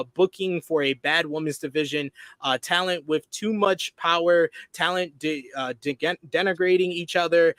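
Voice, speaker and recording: A man's voice: a little high, fairly bright tone, no room sound. A man hosting a podcast, reading out wrestling news and quotes with frequent filler sounds. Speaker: podcast host.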